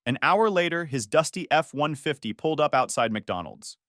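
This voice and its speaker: A young man narrating a first-person story in an even, reflective way. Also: a little high, moderate pace, dry recording, studio quality.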